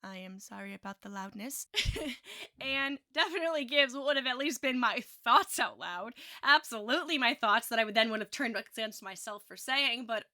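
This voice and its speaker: A woman's voice: on the high side, lively intonation, normal speed, sharp tone. A woman giving casual, musing commentary on a novel, reading passages and correcting herself as she goes. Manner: chatty, musing, self-correcting. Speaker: book reviewer.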